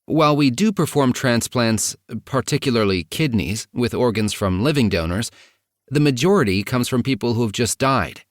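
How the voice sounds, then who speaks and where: A man narrating a first-person memoir audiobook in a measured, even reading. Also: mid-range voice, no room sound, clean studio sound.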